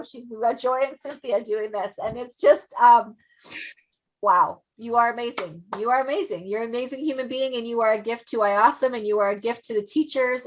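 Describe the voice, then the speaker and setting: A woman hosting an online event, gushing and effusive, repeating her praise. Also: on the high side. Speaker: event host.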